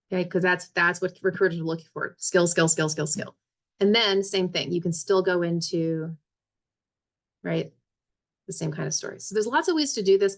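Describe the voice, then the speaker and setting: A woman presenting a career webinar as a resume coach, talking casually and checking in with her listeners often. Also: on the low side.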